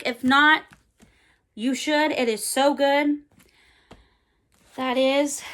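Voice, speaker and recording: Chatty high-voiced young woman. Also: sharp tone. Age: 20s. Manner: chatty and rambling, with fillers and slang. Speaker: book vlogger. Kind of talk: casual book recommendation chat.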